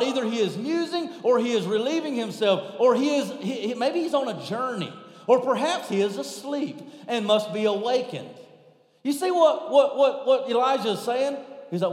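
A man preaching a sermon, shifting from shouted bursts to hushed, low lines. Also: normal speed. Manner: animated, shouting at peaks then dropping very low. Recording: echoey hall.

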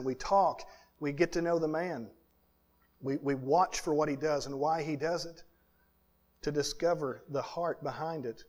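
A man preaching a sermon as pastor, earnest and building his points in lists and repetitions, sometimes dropping to a hushed tone. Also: on the high side.

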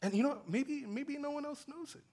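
A pastor delivers a sermon in a very high voice at a fairly quick pace. His impassioned preaching alternates between loud calls and quiet, intimate passages.

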